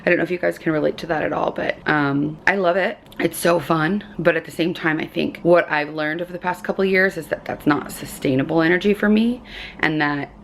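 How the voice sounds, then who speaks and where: A woman chatting casually in a lifestyle vlog from her hotel room, her voice going hoarse, with lots of fillers. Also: deep voice, fairly even intonation, fairly quick, a little hiss or hum. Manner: chatty, filler-heavy, upbeat. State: losing her voice. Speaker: lifestyle vlogger.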